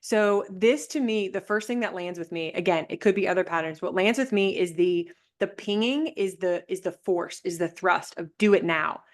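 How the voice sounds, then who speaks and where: A woman coaching a group over a video call, reflective and gentle, often restarting her sentences. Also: medium pitch, moderate pace, hardly any pauses. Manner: gentle, reflective, thinks aloud with many restarts. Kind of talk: live online coaching session.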